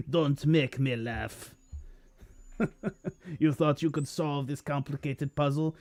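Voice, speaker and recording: A man's voice: mid-range voice, sing-song, unhurried, dark tone. Man doing a gloating, mocking villain. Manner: mocking, scornful, laughing at his foe. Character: gloating male villain rolling in a hamster ball.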